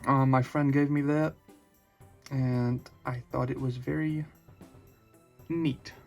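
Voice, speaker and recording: A man's voice: medium pitch, level tone, takes it slowly, gravelly, darkish tone, faint music behind. A young man with a Southern accent giving a casual, rambling room tour in his bedroom, full of fillers and restarts.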